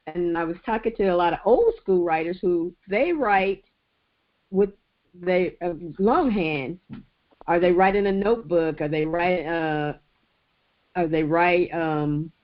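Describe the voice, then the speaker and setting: A woman hosting a podcast in a casual chat, chatty and laughing often, with halting restarts. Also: fairly low pitch. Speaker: podcast host. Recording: dull lo-fi sound.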